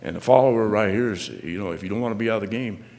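A male minister preaching a sermon, swinging from loud, pressing questions to quiet asides and often repeating his words. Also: fairly low pitch, rapid-fire, long reverb tail.

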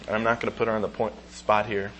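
A man giving an earnest, emotional church talk, reading scripture aloud and pausing with halting restarts. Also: lowish voice, level tone, a bit bright, slight background noise, rough recording.

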